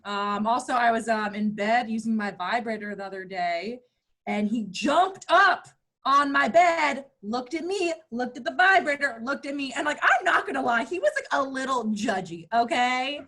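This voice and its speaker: A woman in her thirties doing a bawdy stand-up set, playful and crude, often jumping into high mock voices for punchlines. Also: expressive, normal speed, sharp tone. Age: 30s. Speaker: stand-up comedian.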